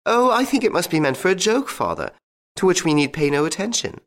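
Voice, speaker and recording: A man voicing a calm young noble daughter, lifting his voice higher and softer to play her. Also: a little fast. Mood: soothing.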